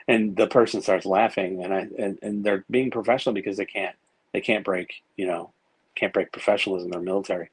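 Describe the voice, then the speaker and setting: A man with a low, steady, slightly rough voice talks briskly as a guest on a podcast, trading long, wandering stories with frequent fillers, restarts, and cursing. The recording is rough but has no echo.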